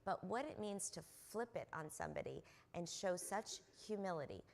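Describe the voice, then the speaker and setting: A woman's voice: mid-range voice, animated, normal speed. A middle-aged woman on a convention panel, telling earnest stories about mentors with plenty of ums and uhs. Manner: earnest anecdotal storyteller with frequent fillers. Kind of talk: conference panel storytelling. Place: convention stage.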